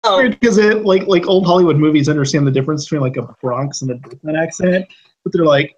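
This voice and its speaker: Podcast co-host, man, husky, a bit high, loose tangent-prone delivery. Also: fast, poor audio. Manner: rambling, many fillers, animated tangents. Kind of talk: casual chat.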